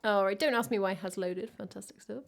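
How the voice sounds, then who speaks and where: A woman's voice: mid-range voice, fairly even intonation, fairly quick, creaky. A singer-songwriter woman chatting casually with her livestream viewers between songs, rambling and teasing the chat. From England. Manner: rambling, loose, full of "like" and "I don't know".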